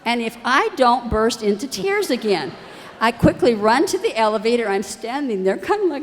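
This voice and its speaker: A middle-aged woman, a university president's wife, telling lively family stories to an audience and acting out the voices of the people in them. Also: on the high side, moderate pace, slight background noise. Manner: animated, acts out quoted voices. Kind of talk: storytelling talk to an audience. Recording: reverberant hall.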